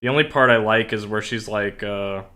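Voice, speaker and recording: A young male streamer chats casually and rambles, filling his sentences with fillers. His voice sits fairly low but comes across bright and forceful, with a tense edge. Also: normal speed. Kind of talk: casual chat.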